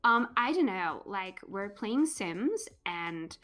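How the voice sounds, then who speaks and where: A woman's voice: medium pitch, sing-song, takes it slowly, a bit bright, soft background music. A woman putting on an American accent with a drawling twang, on a live game stream. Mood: playful.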